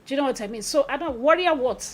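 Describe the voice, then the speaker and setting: Guest: woman, higher pitch, candid and expressive, laughs easily. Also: fast talker. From Nigeria. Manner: expressive, laughs often, swings between soft and loud. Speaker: podcast guest. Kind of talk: candid conversational interview.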